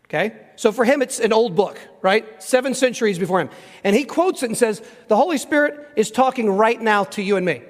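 A man preaching a sermon as a pastor, emphatic and conversational, slowing down to read scripture aloud. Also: high-pitched, lively intonation. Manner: emphatic, conversational, slows down when reading scripture. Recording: reverberant hall.

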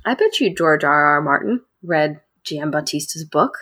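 A woman host casually retelling a dark fairy tale to friends, chatty and animated. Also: low-pitched, normal speed, breathy edge. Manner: chatty, animated, laughs often. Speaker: podcast host.

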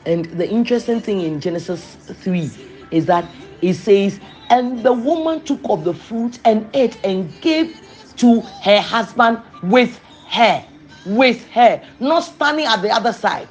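An emphatic preacher delivering a sermon, firing off rhetorical questions and hammering key words again and again. The delivery swings from loud, punchy bursts to quiet, soft asides. Faint music plays softly in the background. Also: mid-range voice, lively intonation, takes it slowly.

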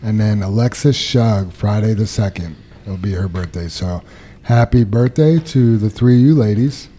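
A man hosting a casual workplace podcast, reading out anniversaries and birthdays and telling stories in a relaxed way. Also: fairly low pitch, normal speed. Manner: relaxed, reads out announcements. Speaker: podcast host.

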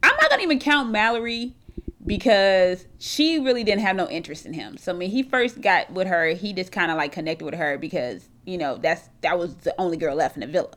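A woman co-hosting a casual chat show, chatty and meandering, swinging between loud and soft. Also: fairly low pitch, animated, a little fast. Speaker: podcast co-host.

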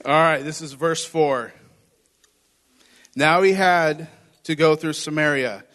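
A man's voice: a little high, fairly even intonation, slow pace, fairly bright tone. A man preaching a conversational sermon, reading scripture and explaining it with playful acted asides. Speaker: pastor. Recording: hall reverb.

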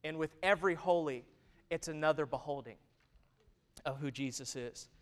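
A man in his thirties preaching a sermon, who moves from loud, emphatic stretches to hushed, intimate ones. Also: fairly high pitch, moderate pace. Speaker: pastor.

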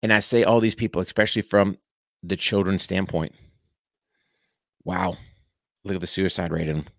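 A man's voice: moderate pace, gravelly, no echo, studio quality. Impassioned man, fired-up folksy rant. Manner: emphatic, preachy, with sharp rises in pitch on key words; folksy, casual slang. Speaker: political commentator addressing viewers. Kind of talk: impassioned direct-to-camera monologue.

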